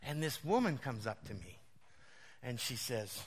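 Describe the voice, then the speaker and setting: Male pastor, animated storyteller, expressive pitch, long hall reverb. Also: measured pace, slight background noise. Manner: animated, laughs often while telling stories. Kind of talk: storytelling sermon.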